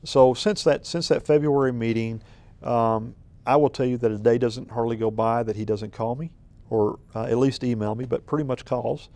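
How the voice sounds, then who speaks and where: A man serving as city manager talks through an interview in a relaxed, folksy way. His voice is mellow and warm, with plenty of ums, uhs and restarts as he rambles through his stories. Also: mid-range voice, normal speed. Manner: rambling, filler-heavy, folksy storytelling. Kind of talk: conversational interview.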